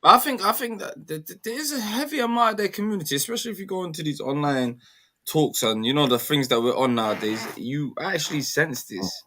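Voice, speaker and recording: Bright-voiced man musing aloud. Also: a little high, lively intonation, a little fast. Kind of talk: casual chat.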